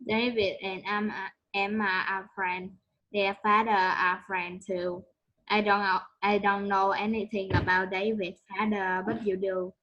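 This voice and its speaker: Halting woman English learner. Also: medium pitch, flat delivery, fairly bright tone. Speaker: English student. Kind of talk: online one-on-one lesson. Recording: dull lo-fi call audio.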